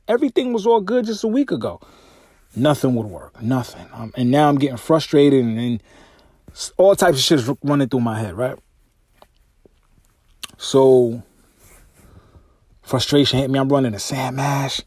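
A man hosts his podcast alone, speaking close into his microphone in a dry room. His storytelling is loose and animated, full of swearing, and his voice leaps up in pitch when he gets exasperated. His pitch sits in an ordinary middle range. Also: normal speed, pauses often, husky, dry recording. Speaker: podcast host and music artist. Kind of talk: casual solo podcast monologue. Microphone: podcast microphone through a mixer.

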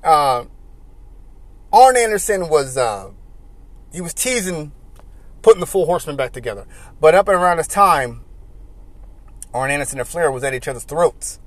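A man hosting casual commentary and telling animated stories with frequent laughter. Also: on the high side, normal speed, long pauses, dry recording. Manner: animated storytelling, laughing often. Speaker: host.

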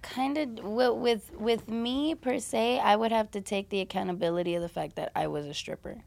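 This is a young woman speaking as a guest on a podcast, telling her own story. She talks bluntly and swears freely, and "like" runs all through her casual speech. Her voice sits at a middle pitch. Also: moderate pace, vocal fry, darkish tone. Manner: blunt and profane, heavy use of "like". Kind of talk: candid personal storytelling.

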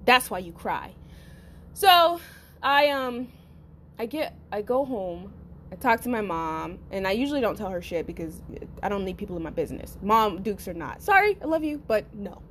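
A woman hosting a podcast, telling a personal story in a casual, profane, animated way and talking straight to her listeners. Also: mid-range voice, normal speed, a little hiss or hum. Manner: profane, animated, acts out quotes; addresses listeners as y'all. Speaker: podcast host.

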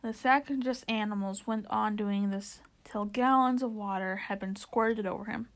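A woman reading a children's storybook aloud as narrator, in a lively, expressive way. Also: mid-range voice, normal speed, poor audio.

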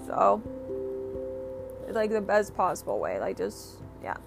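A woman's voice: mid-range voice, sing-song, unhurried, vocal fry, music in the background. Profane, rambling woman podcaster. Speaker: podcast host. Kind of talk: casual solo podcast rant.

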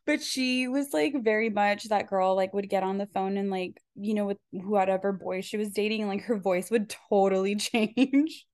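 A woman's voice: medium pitch, steady tone, moderate pace, hardly any pauses, darkish tone, dry recording, clean studio sound. A woman hosting a podcast in casual chat, talking in a chatty, rambling way with lots of filler words. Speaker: podcast host.

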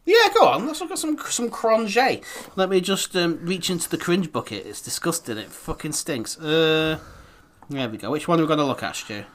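A man's voice: fairly high pitch, sing-song, normal speed, fairly bright tone. A man co-hosting a comedy podcast, talking in casual banter, laughing often and swearing freely. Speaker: podcast co-host.

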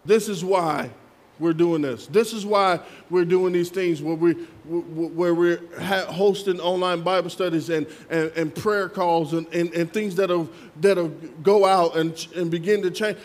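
Guy pastor preaching, high voice, call and response w/ the congregation, jokey asides. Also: fairly even intonation, unhurried. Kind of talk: sermon.

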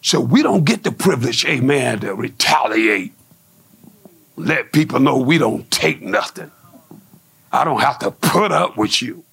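A man preaching a sermon, dropping frequent amens and calling out to the church, sometimes rising to shouts. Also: medium pitch, lively intonation, a little slow, creaky, husky. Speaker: pastor.

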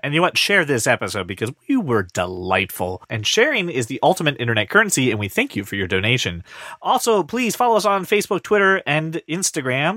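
A man hosts a podcast in a playful, jokey way. His pitch swings widely and his voice has a bright edge. The sound is dry and close. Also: no echo. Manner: playful, jokey, lively delivery. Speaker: podcast host. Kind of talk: casual chat.

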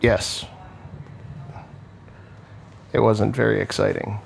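Man, 40s, gravelly voice, rambling wisecracker who swears freely. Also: fairly low pitch, flat delivery, slow. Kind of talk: casual profane chat.

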